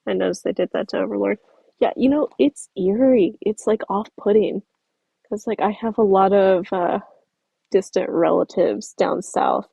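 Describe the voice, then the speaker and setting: A woman's voice: mid-range voice, fairly even intonation, a little slow, creaky, warm tone, husky, no room sound, lo-fi sound. A woman streaming as she edits a stop-motion video, talking casually and answering viewer comments while she works. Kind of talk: casual livestream chat.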